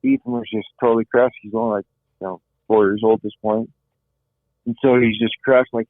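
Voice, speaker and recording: A man's voice: on the low side, fairly even intonation, a little fast, no room sound. A middle-aged man telling a personal survival story earnestly, often repeating words as he searches for them. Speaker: guest. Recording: tinny phone-like line, dry.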